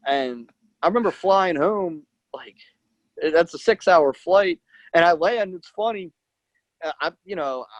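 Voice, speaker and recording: A man's voice: sits high, dry recording. Rambling man telling wrestling stories, dull lo-fi sound. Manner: rambling, acts out quotes, many "like"s. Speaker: guest, professional wrestler. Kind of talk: casual interview storytelling.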